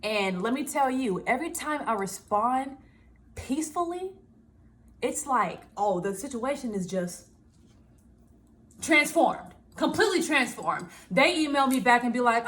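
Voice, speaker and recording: Woman, high voice, casual vlog talk, lively and laughing, plays out her inner thoughts. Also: measured pace. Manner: animated, laughing, acts out her own inner voice. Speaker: small business owner and vlogger. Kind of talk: casual self-help talk to camera.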